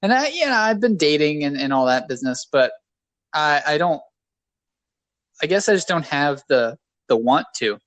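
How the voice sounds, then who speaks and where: A man's voice: fairly high pitch, very animated, normal speed, fairly bright tone, dry recording. A man co-hosting a casual podcast, talking in a rambling, self-deprecating way. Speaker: podcast co-host.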